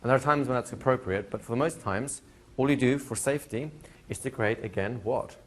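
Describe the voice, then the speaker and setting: A man teaching a hypnosis class to a live audience, talking in a relaxed way and slowing into soft hypnotic suggestions. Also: mid-range voice. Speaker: hypnosis trainer. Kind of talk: live training lecture. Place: training room with a seated audience.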